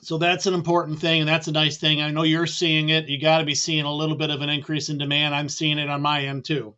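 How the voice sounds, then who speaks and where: A man, a mortgage guest on a remote call. He talks in a relaxed, rambling way with many fillers. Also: on the high side, fast talker, clear, resonant tone, muffled recording. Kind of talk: casual remote chat.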